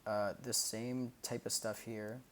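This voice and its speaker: Speaking slowly in a lowish voice with little pitch movement, a man casually breaks down his own songs on a stream. His explanations are loose, full of fillers and sung sound effects, with loud music from the track in the background.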